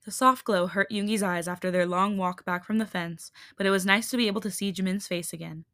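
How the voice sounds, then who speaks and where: A woman host narrating a fan fiction story in an even, measured reading. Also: mid-range voice, dry recording, clean studio sound.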